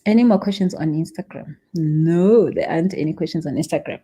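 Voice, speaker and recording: A young woman coaching a live-stream audience, animated and emphatic, stressing points by repeating words. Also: deep voice, fairly quick. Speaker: spiritual business coach.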